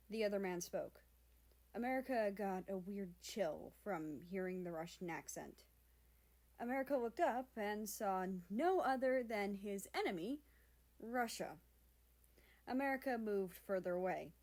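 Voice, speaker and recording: A woman reads a fan fiction chapter aloud in a plain storytelling manner. Her voice sits at a middle pitch, neither high nor low, and she keeps the narration steady. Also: measured pace.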